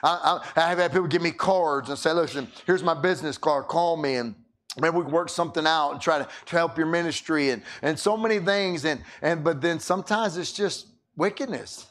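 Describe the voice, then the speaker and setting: A man's voice: a little high, brisk, a bit bright. A man preaching a sermon, telling a story and often repeating words as he starts his sentences.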